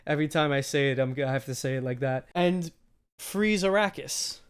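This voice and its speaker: A man's voice: on the high side, fairly quick, clean tone. A man co-hosting a film review podcast, chatting casually, laughing often and wandering into asides. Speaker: podcast co-host.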